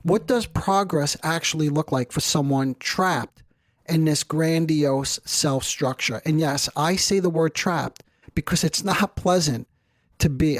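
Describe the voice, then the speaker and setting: A middle-aged male therapist giving an educational talk in a measured, explanatory way with rhetorical asides. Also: fairly high pitch, no room sound. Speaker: therapist host.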